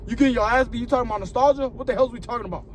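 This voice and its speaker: A young man telling stories in a casual, slangy vlog, animated and laughing often, filming with his phone from his car and then inside a store. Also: extremely high pitch, rapid-fire, slight background noise. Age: young adult. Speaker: vlogger.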